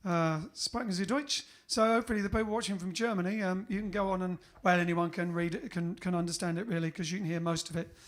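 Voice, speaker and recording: A man's voice: high-pitched, level tone, fast talker, few pauses. An English man, a bandleader hosting a livestream, chatting casually in a jokey, rambling way and correcting himself as he goes. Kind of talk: casual chat.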